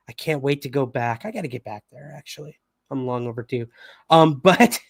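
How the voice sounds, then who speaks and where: A man's voice: mid-range voice, no echo. Chatty male livestream host, dry sound. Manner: casual, chatty, with fillers and laughs. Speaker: podcast host. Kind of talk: livestream news chat.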